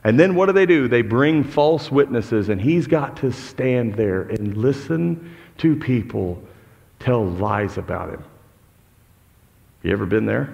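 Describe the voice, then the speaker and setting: Male pastor, gravelly voice, big swings in pitch, preaching in a reverberant hall. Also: expressive, a little slow. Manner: impassioned preaching, swinging from loud outbursts to low intense tones. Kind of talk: sermon.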